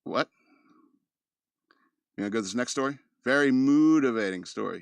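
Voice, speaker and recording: A man's voice: medium pitch, expressive, normal speed, gravelly, no room sound. Man hosting a rambling news podcast. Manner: reads news articles aloud with joking asides; loose and rambling, with filler words. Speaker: podcast host. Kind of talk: casual news commentary podcast.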